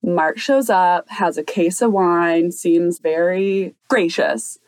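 A woman with a lowish voice tells a story to the hosts, casual and animated. She drops in quick quoted asides as she goes. The sound is close and dry. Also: no room sound, low-quality recording. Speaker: caller telling a story.

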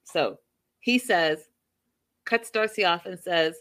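A woman casually recapping a reality show, telling the story in an animated, opinionated way. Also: on the low side, takes it slowly.

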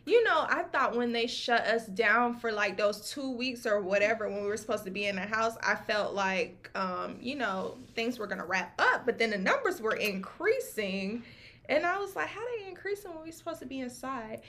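A woman's voice: on the high side, animated, normal speed, a bit bright. A young woman co-hosting a podcast in casual chat, sassy and blunt. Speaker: podcast co-host.

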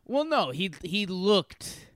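Brief: man, podcast co-host on a remote call, relaxed and hesitant, slightly high, dry sound. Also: slow pace, no room sound. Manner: relaxed, hesitant, with many fillers. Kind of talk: casual podcast chat about basketball.

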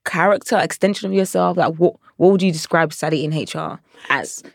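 A woman hosting a podcast interview, chatting casually and asking questions in a soft conversational way. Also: lowish voice, brisk, creaky, dry recording, clean studio sound.

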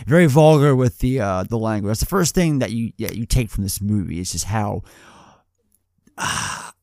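A man's voice: on the low side, lively intonation, moderate pace, darkish tone, no echo, studio quality. A man co-hosting a podcast, talking about films in a casual, enthusiastic way, rambling and restarting his sentences. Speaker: podcast co-host. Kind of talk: casual film discussion.

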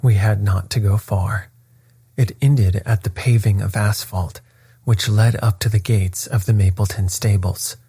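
A man reads a first-person story aloud in a slow, measured way. His voice is low, dark and a little husky. The recording is dry and close. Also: steady tone, no echo. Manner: measured, unhurried reading. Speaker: audiobook narrator.

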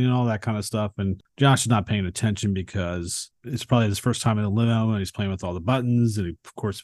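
A man's voice: lowish voice, dry recording, studio quality. A man hosting a podcast, casually and animatedly retelling the plot of a film scene by scene. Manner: animated retelling, acting out characters' lines. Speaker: podcast co-host. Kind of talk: casual movie recap.

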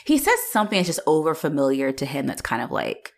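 A woman's voice: low-pitched, fast. A young woman in casual chat about a film, swearing freely, laughing often and acting out lines from scenes. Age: young adult. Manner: swears freely, laughs often, acts out quotes in animated voices.

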